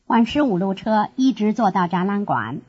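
A woman's voice: medium pitch, expressive, darkish tone, slightly rough. A woman playing a student giving directions. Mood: answering. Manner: slow, careful drill delivery. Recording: dull lo-fi course tape.

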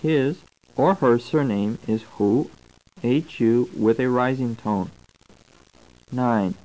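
A man reading a scripted language course, slowly spelling out words and their tones. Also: mid-range voice, mellow, rough recording. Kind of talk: scripted instructional narration. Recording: old tape recording.

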